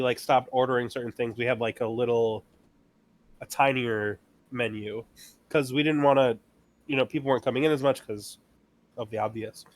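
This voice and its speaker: Man telling work stories in chat. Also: mid-range voice. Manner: storytelling, acting out customers and himself. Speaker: podcast co-host. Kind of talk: casual chat.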